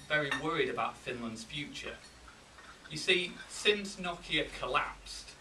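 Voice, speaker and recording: Yorkshire guy doing a funny speech, deadpan, bright voice, echoey and far from the mic. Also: a little high, slight background noise. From England. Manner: deadpan comic timing, pausing for laughs. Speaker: contest speaker. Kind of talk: humorous contest speech. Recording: roomy hall, mic from a distance.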